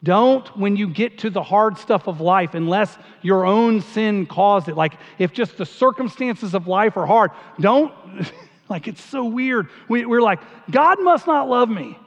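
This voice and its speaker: High-voiced man preaching in a hall. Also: unhurried. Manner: conversational, emphatic, repeats himself. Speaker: pastor. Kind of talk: sermon. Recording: dull sound, long hall reverb.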